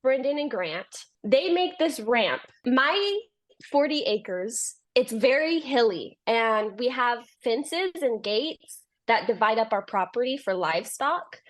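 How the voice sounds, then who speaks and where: A woman's voice: fairly high pitch, lively intonation, slow pace. A young adult woman, a podcast guest, telling a long story in casual chat, laughing often and acting out what people said.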